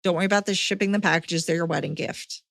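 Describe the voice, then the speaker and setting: A woman's voice: on the low side, steady tone, quick pace, gravelly, a bit bright, no echo, studio quality. A woman hosting a podcast, reading a listener's letter aloud and breaking in with blunt, swearing reactions. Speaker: podcast host.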